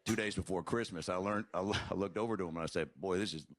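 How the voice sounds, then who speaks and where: A man telling stand-up stories in a deadpan, mumbling way full of fillers, on a comedy club stage. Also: low-pitched, slight background noise. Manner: slow, mumbling, filler-heavy delivery.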